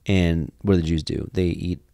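A man's voice: deep voice, steady tone, normal speed, mellow, no room sound, clean studio sound. A man giving an informal, conversational Bible teaching, drifting off on side tangents and reading passages aloud. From grew up in a Jewish family. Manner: conversational, digressive, reads scripture aloud.

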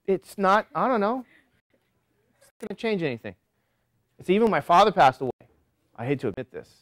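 A man teaching a college class, talking straight to his students with lots of rhetorical questions and a preachy, animated delivery. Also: high-pitched, a little fast, no room sound. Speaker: college statistics instructor. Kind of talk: classroom lecture digression.

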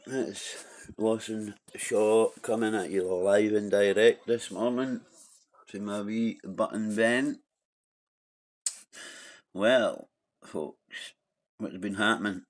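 A man's voice: on the low side, fairly even intonation, takes it slowly, long pauses. A Scottish man in casual live-stream chat, blunt and rambling, swearing freely as he calls people out.

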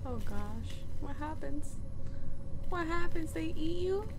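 A woman's voice: sits high, lively intonation, slow, noisy background. A woman commentating a horror game as she plays it, jumpy and easily frightened, gasping, cursing and talking to the characters on screen. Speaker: let's play host. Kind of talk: gameplay commentary.

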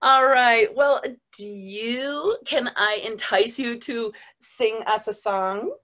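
Host: a woman with a bright, higher voice, eager and encouraging in casual interview chat. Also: slow. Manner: enthusiastic, encouraging. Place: online video interview.

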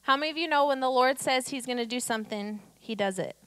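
A woman pastor preaching with a slightly high voice, her talk easy and conversational before it swells into emphatic declarations. The sound is dry and close, with no room echo. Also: quick pace, a bit bright, smooth. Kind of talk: sermon.

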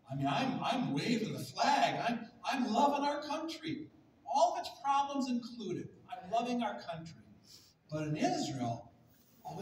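High-voiced pastor guy preaching hard, loud then hushed, big echo, faint hiss. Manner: impassioned, rising to near shouts, then dropping soft and hushed. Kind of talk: sermon. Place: large church sanctuary. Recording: echoey room audio from a distant mic.

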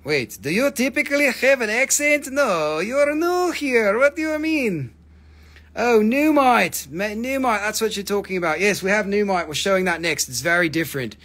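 A man's voice: high-pitched, fairly quick, few pauses, a bit bright, voice pushed up. A man putting on a playful mock accent, joking and teasing as he sells.

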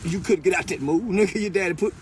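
High-pitched guy trash talking, crude and mocking, laughs a lot, faint engine hum behind. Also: fast talker. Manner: crude, taunting, laughs often; repeats words in bursts. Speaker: commentator. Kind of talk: profane mocking rant.

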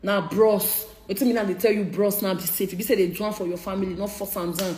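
A woman's voice: mid-range voice, fairly even intonation, fast talker, warm tone, roomy sound. A young woman in her twenties with a Nigerian Pidgin English accent, confronting critics in a heated, repetitive live-stream rant. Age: 20s. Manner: confrontational, repeats her points. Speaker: social media personality.

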